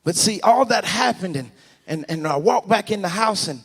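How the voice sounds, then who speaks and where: Brief: male preacher, high voice, animated story-sermon with shouted peaks, long church reverb. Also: normal speed, husky. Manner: animated, swings to shouting, addresses the congregation directly. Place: large church sanctuary.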